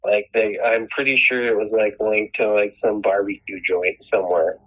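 A man's voice: on the low side, little pitch movement, normal speed, a bit bright, slightly rough, highs cut off. A man telling a long personal story in casual chat, rambling and swearing, with many restarts. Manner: rambling, profane, frequent restarts.

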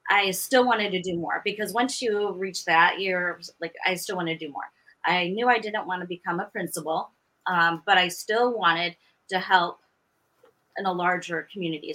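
A woman in her fifties, a veteran teacher and podcast guest, telling her story in an earnest, steady way. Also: fairly low pitch, low-quality recording. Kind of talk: casual interview talk.

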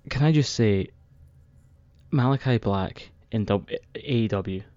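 A young Scottish man chatting casually as a podcast co-host, animated and sweary, with quick apologetic asides. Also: lowish voice, no room sound, dull audio. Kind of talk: casual chat.

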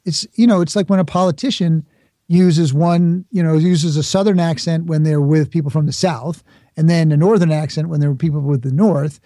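Speaking a little fast in a higher, steady, mellow voice, this middle-aged man from the Bronx, New York, is interviewed on a podcast. He reflects and explains via examples and acted asides, and the studio sound is clean and dry.

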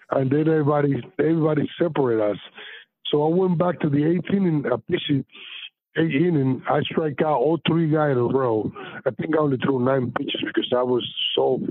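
Gravelly animated man on a phone line. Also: a little high, a little fast, no echo. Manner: animated, swears, acts out loud quotes. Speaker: interview guest, retired baseball pitcher. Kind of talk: casual storytelling on a podcast. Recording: tinny phone-line sound.

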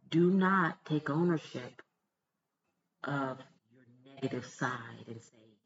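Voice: mid-range voice, slow. Emphatic vlogger on dull lo-fi audio. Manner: emphatic, repeats points for stress, preachy. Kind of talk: emphatic motivational talk to camera.

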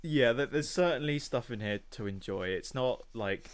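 A man's voice: medium pitch, lively intonation, normal speed, hardly any pauses. A man co-hosting a film podcast, chatting casually in a rambling, hesitant way. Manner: rambling, hesitant, retells chats with voices. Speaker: podcast co-host. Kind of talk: casual film review chat.

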